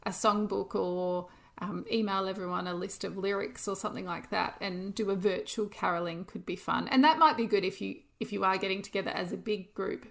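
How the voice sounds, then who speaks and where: A woman's voice: mid-range voice, fairly quick, gravelly, few pauses, a bit bright. A woman co-hosting a podcast, chatting casually and practically with frequent laughs. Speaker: podcast co-host. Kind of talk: casual chat.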